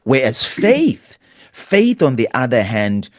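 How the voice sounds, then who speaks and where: A man's voice: mid-range voice, huge pitch swings, slow pace, dry recording. Middle-aged man, pastor guest, earnest emotional storyteller, dry close sound. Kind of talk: storytelling interview.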